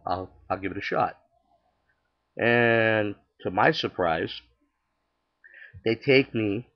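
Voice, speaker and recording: A man's voice: lowish voice, gravelly, highs cut off. An older man casually telling his personal faith testimony, chatty and acting out the dialogue with many restarts. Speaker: storyteller sharing his testimony.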